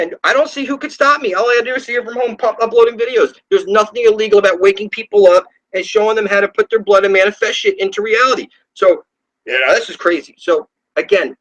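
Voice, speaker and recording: A man hosting his own channel, delivering a rambling, profane and insistent monologue whose pitch leaps up when he gets heated. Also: a bit bright, poor audio. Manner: ranting, profane and insistent, with sudden pitch jumps. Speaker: channel host.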